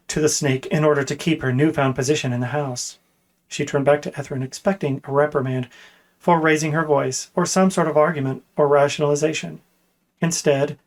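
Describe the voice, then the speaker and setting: Man reading a story aloud. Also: on the high side. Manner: steady reading with occasional slips and self-corrections.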